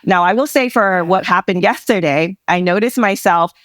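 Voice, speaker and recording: A woman marriage coach talking casually as a podcast guest, animated and quick to laugh, with many fillers. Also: mid-range voice, no echo, clean studio sound.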